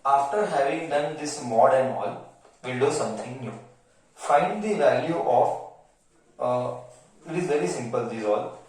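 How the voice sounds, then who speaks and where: Echoey Indian maths teacher, repeating himself. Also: male voice, medium pitch, darkish tone. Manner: repeats each phrase, mixes Hindi into English, quizzes the class. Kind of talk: classroom maths lesson. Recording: very echoey room, mic far off.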